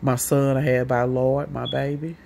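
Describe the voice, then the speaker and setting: A woman's voice: extremely low pitch, flat delivery, moderate pace, gravelly, dark tone, a little hiss or hum. A woman with a St. telling a long, rambling, profane story in a casual monologue, acting out what other people said. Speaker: vlogger.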